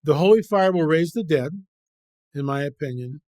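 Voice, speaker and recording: A man with a fairly high voice talks as an interview guest, pressing his points with repetition and rhetorical questions. His voice is recorded dry and close, with no room around it. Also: expressive, moderate pace, darkish tone, no room sound. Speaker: guest author and biblical researcher. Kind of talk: impassioned interview talk.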